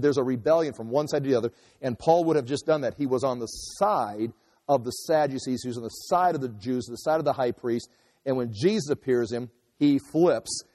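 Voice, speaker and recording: A man's voice: medium pitch, warm tone. Man teaching scripture in an echoing hall. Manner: conversational, explains as he goes, acts out quotes. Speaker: Bible teacher. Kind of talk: verse-by-verse Bible teaching. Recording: long hall reverb.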